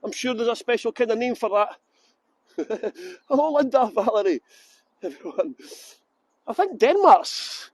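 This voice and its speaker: Brief: Scottish tour guide, middle-aged man, cheeky banter with viewers, phone on a gimbal outdoors, very high pitch. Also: expressive, measured pace, long pauses, dry recording. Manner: cheeky, joking, chatty greetings to viewers. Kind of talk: livestreamed walking tour chat. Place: city streets outdoors.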